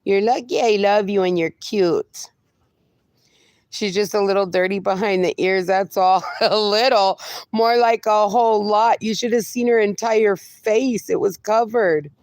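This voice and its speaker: Gravelly woman cooing at her dogs. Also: mid-range voice, steady tone, a little slow, darkish tone, dry recording. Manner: coos baby talk at her dogs between replies to viewers. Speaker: livestream host. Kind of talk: casual livestream chat. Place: outdoors in a fenced yard with her dogs.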